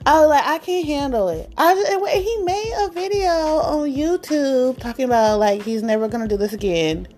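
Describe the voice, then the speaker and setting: A woman's voice: high voice, normal speed, a little mellow, faint music behind. A woman vlogging in a casual chat, dramatic and exasperated, repeating herself and laughing often as she talks. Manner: laughs often while talking.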